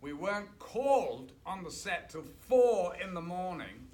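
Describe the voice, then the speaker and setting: Lively older man telling stories, laughing. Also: high-pitched, a little slow. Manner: animated, laughing through his stories. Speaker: guest actor on a film panel. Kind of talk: anecdotal storytelling at a screening Q&A. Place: cinema auditorium. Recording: loud background noise and clicks.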